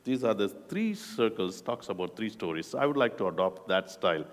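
This sermon to a youth group comes from a middle-aged Indian guest preacher who leads a youth ministry. He has a lowish, animated voice but speaks slowly and deliberately, with non-native phrasing. His talk echoes through the church room with a long reverb.

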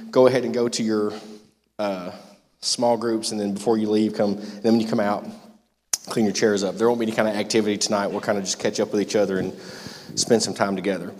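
A man's voice: fairly low pitch, little pitch movement, a little fast, a little mellow, a little hiss or hum. A man leading a youth group, making loose, rambling announcements full of fillers and then reading a devotional aloud in a church meeting room. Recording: long hall reverb.

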